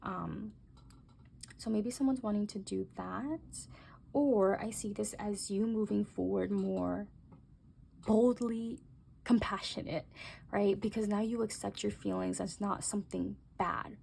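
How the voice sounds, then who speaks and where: Young woman, tarot reader, casual, gentle, musing, gravelly, mid pitch. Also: fairly even intonation, a little slow, a little hiss or hum. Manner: gentle, musing, exclaims softly at cards.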